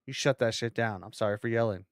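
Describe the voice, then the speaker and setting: A man doing a gruff, touchy giant creature. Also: fairly low pitch, fast, slight background noise, pitched below the performer's own voice, natural voice. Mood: indignant. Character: giant rolling male creature, touchy and crude.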